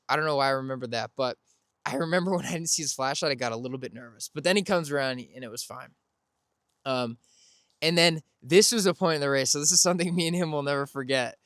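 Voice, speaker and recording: A man's voice: a little high, quick pace, a bit bright, clean tone, dry recording, studio quality. A man hosting a podcast, telling a casual, rambling story, correcting himself and laughing as he goes. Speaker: podcast host.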